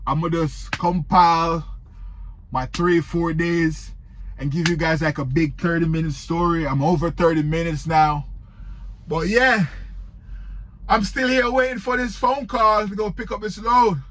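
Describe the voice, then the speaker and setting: A man's voice: a little high, steady tone, a little slow, fairly bright tone, a little hiss or hum. A man who drives trucks, chatting casually and rambling in a storytime vlog from his parked truck. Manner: laid-back, rambling, says "man" often.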